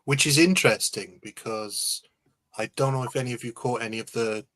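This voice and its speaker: A man chatting on a podcast with wry, deadpan remarks. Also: medium pitch, fairly quick, a crowd in the background. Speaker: podcast co-host. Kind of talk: casual chat.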